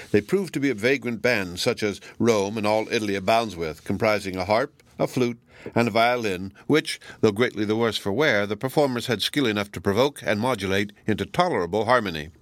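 Male narrator for a classic novel: low, measured, dry and close. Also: dry recording. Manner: measured, even reading. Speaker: audiobook narrator. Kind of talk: scripted narration.

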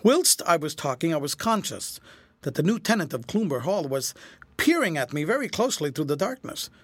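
A man narrating a classic novel in an expressive audiobook reading. His voice sits high and moves animatedly across its range, with a bright edge. The recording is dry and close. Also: brisk, breathy edge, no room sound. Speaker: audiobook reader. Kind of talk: scripted narration.

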